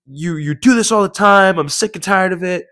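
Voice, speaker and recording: A man doing a shrill scolding gym clerk. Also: moderate pace, a bit bright. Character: irate, shrill woman gym front-desk worker.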